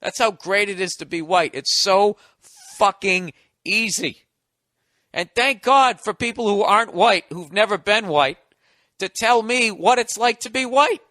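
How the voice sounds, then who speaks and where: A man's voice: high-pitched, unhurried, pushed and bright, no room sound, studio quality. A middle-aged American man hosting a podcast, delivering a sarcastic, profane comedic rant. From United States. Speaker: podcast host.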